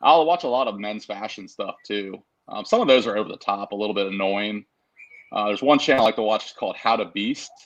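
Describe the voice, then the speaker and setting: A man's voice: on the low side, a little fast, dull audio. A man joining a casual interview as the guest over a video call. He talks in an easygoing way, with lots of fillers and easy laughs. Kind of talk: casual chat.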